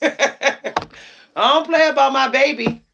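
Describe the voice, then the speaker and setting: A woman's voice: high voice, slow, gravelly, highs cut off, noisy background. A young woman chatting casually on a livestream as a psychic, laughing often and repeating herself for emphasis.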